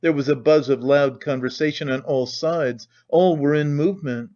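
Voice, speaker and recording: A man narrating a classic novel in a measured, dramatic way. His voice sits a bit high for a man. The recording is dull and lo-fi. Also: a little mellow. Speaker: audiobook narrator.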